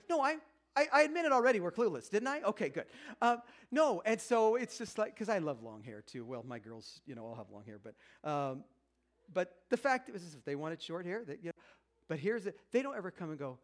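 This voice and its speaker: A man's voice: sits high, big pitch swings, a little fast. A man in his fifties giving a chatty, self-mocking talk on marriage to a live audience, acting out quoted voices. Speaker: speaker at a marriage seminar.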